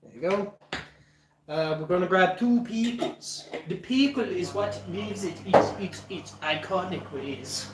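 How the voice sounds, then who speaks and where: A man's voice: high-pitched, measured pace. A young man hosting a cooking livestream, rambling and joking with his chat while he preps food. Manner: rambling, jokey, talks to chat. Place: home kitchen. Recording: echoey kitchen with chopping noise.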